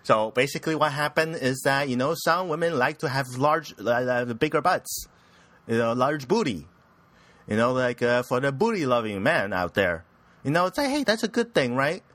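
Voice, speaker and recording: A man's voice: mid-range voice, expressive, moderate pace, fairly bright tone, dry recording. A young man hosting a casual anime news podcast, rambling and crude, often giggling at his own jokes. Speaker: podcast host.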